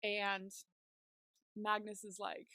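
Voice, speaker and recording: A woman's voice: mid-range voice, completely flat delivery, takes it slowly, sharp tone, smooth, dry recording. A young woman co-hosting a podcast, casually recapping a series with lots of "like" fillers. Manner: chatty, many "like" fillers while retelling scenes. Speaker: podcast co-host.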